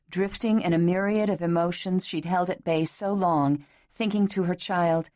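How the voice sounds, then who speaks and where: A woman reading a romance novel aloud in scripted audiobook narration. Her voice sits a little low, and her delivery is soft and intimate. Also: steady tone, normal speed, few pauses, dry recording, clean studio sound.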